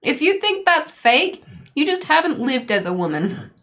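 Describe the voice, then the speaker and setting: A woman's voice: high voice, big pitch swings, moderate pace, a bit bright. A woman streamer reacting to clips, emphatic and outspoken.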